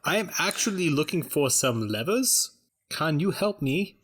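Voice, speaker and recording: A man's voice: on the high side, lively intonation, measured pace, a bit bright, husky, exaggerated voice. A man voicing a stiff, formal male adventurer who talks in a stilted way.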